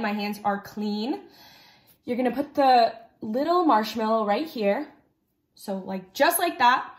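A bubbly young woman leads a cooking demo for children with a fairly high voice. She jokes and teases and talks straight to the kids watching at home. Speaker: children's ministry cooking host.

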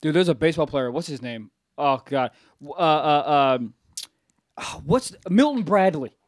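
A man co-hosting a comedy podcast, full of quick banter and teasing. His voice sits high and jumps around a lot. The sound is close and dry. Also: expressive, dry recording. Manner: quick banter, mocking asides. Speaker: podcast co-host. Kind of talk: casual comedic chat.

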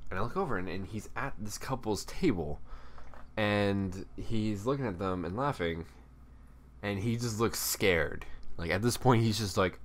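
Casting: young guy from Texas, deep voice, chatty vlog storyteller who acts out the people he talks about. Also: a little hiss or hum. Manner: animated, acts out coworkers and guests in quick put-on voices. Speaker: YouTuber telling a work story.

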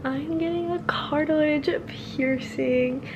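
A woman's voice: high-pitched, steady tone, slow, highs cut off, noisy background. Chatty nervous young woman vlogging in her car. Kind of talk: casual vlog chat. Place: inside a parked car.

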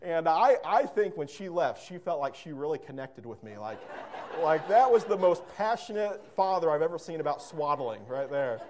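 A man's voice: on the high side, lively intonation, normal speed, darkish tone, a little hiss or hum. A man preaching a sermon as pastor, fervent and emphatic, repeating words and breaking into storytelling asides.

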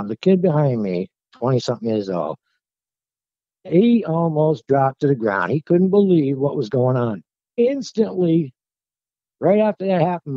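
A man tells his story in a loose, animated, conversational way. His voice has a gravelly rasp. The sound is dull and lo-fi, and the recording is close and dry. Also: medium pitch, dry recording. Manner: animated, conversational, working-class phrasing. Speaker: guest telling his encounter. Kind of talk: casual storytelling to a host. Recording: dull lo-fi call audio.

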